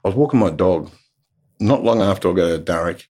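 A man's voice: sits low, expressive, fast, darkish tone. A middle-aged Australian man telling stories in a blunt way, swearing freely as he talks. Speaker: guest telling prison stories. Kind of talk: casual storytelling.

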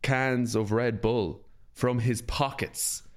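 A man tells a story to his co-host in a casual podcast chat, laid-back and often laughing. His voice is mid-pitched and plain. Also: steady tone, slow.

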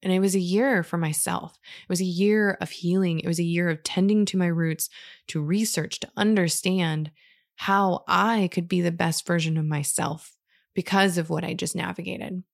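A woman, telling a candid personal story in a reflective way, with soft laughs. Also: fairly low pitch, steady tone, normal speed, creaky, dry recording, studio quality.

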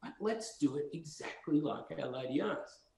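A man's voice: a little high, animated, normal speed, a little mellow. A man as a podcast guest, telling rambling, impassioned stories in conversation. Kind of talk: storytelling conversation. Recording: roomy echo.

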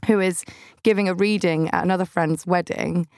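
A woman's voice: fairly low pitch, fairly even intonation, moderate pace, a little mellow, dry recording, clean studio sound. A young woman hosting a podcast, telling funny stories about her week in a bubbly, self-deprecating way. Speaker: podcast host. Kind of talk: chatty comic monologue.

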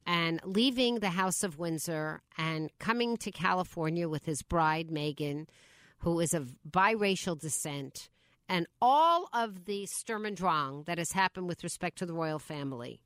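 A woman's voice: fairly low pitch, expressive, clear, resonant tone, no room sound. Chatty New York woman radio host. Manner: chatty, warm-up questions, quick asides. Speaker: radio talk show host. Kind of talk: interview.

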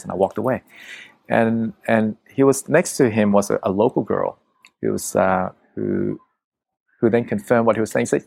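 Gravelly low-voiced man telling a story. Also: moderate pace, darkish tone, no room sound. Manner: vivid, profane, acts out quotes. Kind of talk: casual conversational storytelling.

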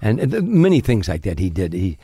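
An older man, a comedian guest in an interview, telling animated anecdotes and often restarting his sentences. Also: fairly low pitch, fairly quick, breathy edge, dry recording, studio quality. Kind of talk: storytelling in an interview.

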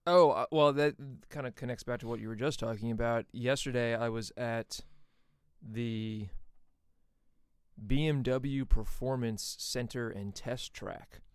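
A man co-hosting a podcast, telling an animated, indignant story with plenty of swearing. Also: medium pitch, measured pace, clear, resonant tone, no echo, clean studio sound. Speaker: podcast co-host. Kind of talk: casual chat.

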